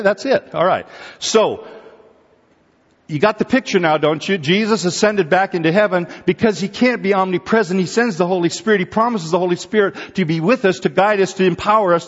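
A man preaching a sermon in a church, lively and conversational, who teases and prods his congregation as he goes. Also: sits high. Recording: echoey hall, dull sound.

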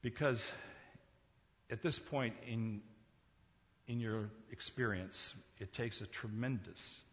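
A man's voice: medium pitch, slow pace, muffled recording. Man preaching in an echoing hall. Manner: swings from quiet to loud, emphatic preaching. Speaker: pastor. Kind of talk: sermon.

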